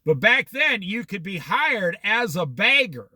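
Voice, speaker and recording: Animated high-voiced man telling stories. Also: a little slow, no echo. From United States. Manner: rambling, anecdotal, with restarts and quoted dialogue. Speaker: vlogger telling personal stories. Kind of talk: casual storytelling monologue.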